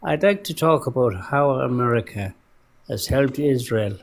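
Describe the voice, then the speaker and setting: A man's voice: mid-range voice, expressive, moderate pace, creaky. A man from Ireland with a strong Irish accent, calling into a live debate and pressing with rhetorical questions. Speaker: debate caller.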